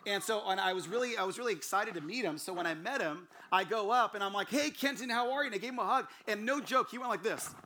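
A pastor preaching to his congregation, telling funny stories and acting out the voices in them. His voice sits high and bright, with a faint hiss of noise under it. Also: fast, hardly any pauses. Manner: animated storytelling with laughs and acted-out quotes. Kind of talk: sermon.

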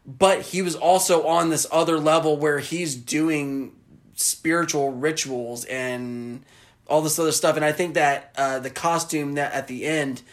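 Rambling Southern man, excited film talk. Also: on the high side, unhurried. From American South. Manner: enthusiastic, rambling, acts out movie lines. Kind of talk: casual chat.

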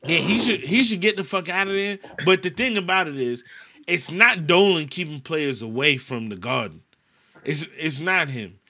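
A man's voice: a little high, moderate pace. A man from the United States, ranting in a casual chat on a podcast and cursing a lot. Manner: animated ranting, heavy cursing.

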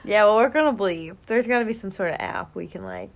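A woman's voice: medium pitch, huge pitch swings, fairly quick. Teasing young woman co-host. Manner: teasing and laughing, swears freely. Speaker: podcast co-host. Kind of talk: casual chat.

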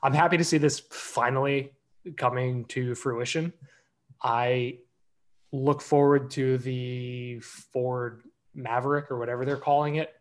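A man co-hosting a podcast in casual chat, relaxed and explanatory with dry humor. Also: mid-range voice, a little slow. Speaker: podcast co-host.

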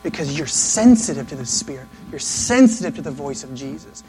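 A man preaching a sermon in an earnest, conversational way, now and then acting out quick asides. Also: fairly high pitch, sing-song, a little mellow, faint music behind, rough recording. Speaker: pastor.

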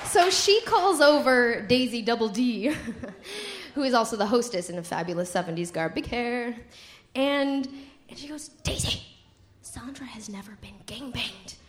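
A young adult woman telling a comedic story to a live audience, animated and giggly, acting out her friends' voices. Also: a little high, measured pace.

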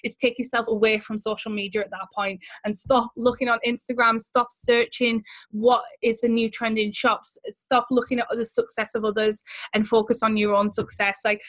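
A woman's voice: on the high side, flat delivery, moderate pace, few pauses, a bit bright. A woman with a Teesside English accent, a podcast guest chatting casually and laughing at herself as she talks. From Teesside, England. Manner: chatty, laughing, self-deprecating. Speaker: podcast guest, online shop owner.

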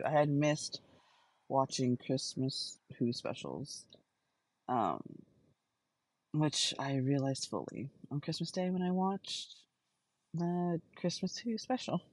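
A woman's voice: a bass voice, darkish tone, low-quality recording. Chatty woman rambling in a car. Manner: rambling, chatty, many fillers and self-corrections. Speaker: podcast host. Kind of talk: casual stream-of-consciousness audio journal. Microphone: phone voice recorder.

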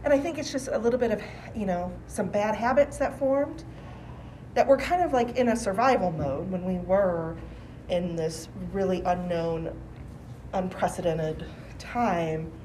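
A woman in her forties, a teacher, answering interview questions in a thoughtful, measured way with restarts. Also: medium pitch, warm tone, a little hiss or hum, poor audio. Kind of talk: conversational podcast interview.

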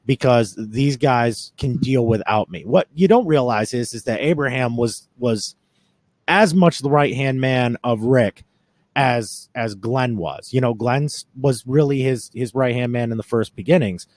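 A man's voice: medium pitch, unhurried, a little mellow, dry recording. Rambling man with a dry, close sound. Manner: rambling, restarting, profane. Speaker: podcast host. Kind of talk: casual chat.

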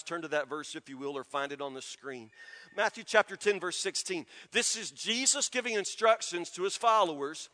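A male pastor preaching a sermon in a church, emphatic and repeating key words, often dropping to soft, low stresses. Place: church sanctuary. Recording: long reverb of a church hall.

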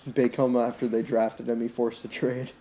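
A man's voice: medium pitch, little pitch movement, normal speed, very noisy. A man co-hosting a casual podcast chat, giving short, matter-of-fact replies. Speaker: podcast co-host.

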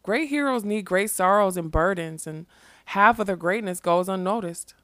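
A woman voicing a remorseful, wry male magician in a storybook reading, halting and gentle. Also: mid-range voice, dry recording, clean studio sound, close to an everyday voice.

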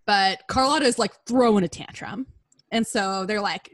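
A woman tells a story in a playful, slang-heavy way, slipping into quick casual voices for each character. Her voice sits mid-range and is recorded dry and close, with no room sound. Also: medium pitch, no echo. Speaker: storyteller recapping a musical. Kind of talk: casual comedic retelling.

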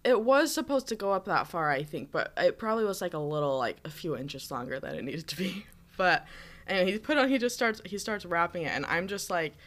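A woman's voice: fairly low pitch, animated, brisk, fairly bright tone. A woman in her twenties from the United States, a teacher, telling a rambling story in casual chat with lots of fillers. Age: 20s.

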